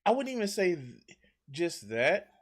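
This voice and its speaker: A man's voice: high-pitched, very animated, a little slow. A man hosting a casual reaction chat show, talking in a loose, profane way. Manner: casual, profane, laid-back storytelling. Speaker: show host.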